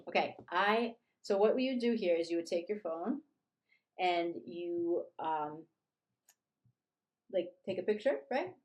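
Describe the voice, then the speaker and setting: A woman's voice: on the low side, lively intonation, a little mellow. Upbeat woman teaching beginner lessons. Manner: upbeat, repeats phrases slowly for learners. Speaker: language teacher.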